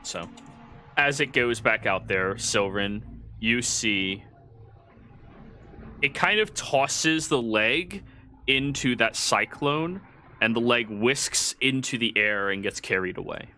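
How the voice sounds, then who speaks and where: A man runs a tabletop game as game master, and his voice is bright and forceful. He narrates in a halting way, full of fillers. Faint room noise sits behind him. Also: medium pitch.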